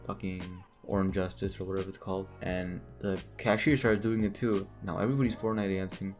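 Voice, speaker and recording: A man's voice: deep voice, level tone, fairly quick, faint music behind. A man telling a crude, joking story in a casual, rambling way, full of asides. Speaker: storytime vlogger.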